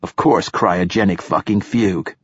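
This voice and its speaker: A man voicing a very old, raspy male poet who talks gruffly and swears, in an audiobook. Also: sits low, normal speed, no echo. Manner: profane and gruff. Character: raspy ancient male poet, crude and forceful.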